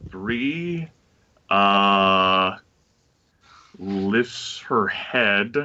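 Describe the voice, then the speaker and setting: A man describing his character's actions as a player in a tabletop role-play, halting and full of fillers. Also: fairly low pitch, lively intonation, sharp tone, highs cut off.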